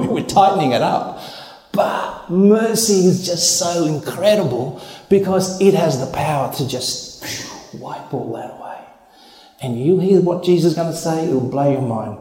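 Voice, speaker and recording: A man's voice: on the high side, dark tone. A man preaching a sermon in an emphatic, conversational way, with laughs and acted asides. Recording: echoey hall.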